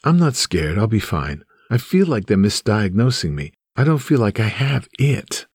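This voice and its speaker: A man narrating a memoir voices his older mother, gently insisting she is fine. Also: lowish voice, big pitch swings, moderate pace, husky, no echo, studio quality, full character voice. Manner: soft and reassuring. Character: older mother, brave and calm.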